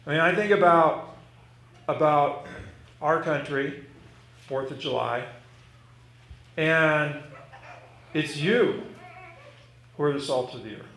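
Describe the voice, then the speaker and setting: Emphatic pastor in echoey hall. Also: male voice, a little high, slow pace, pauses often, a bit bright. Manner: emphatic, repeating key phrases. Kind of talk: sermon. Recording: echoey room with some noise.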